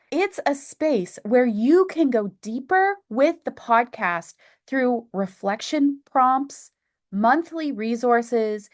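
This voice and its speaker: Woman podcast host, slow measured promo read, slightly high voice.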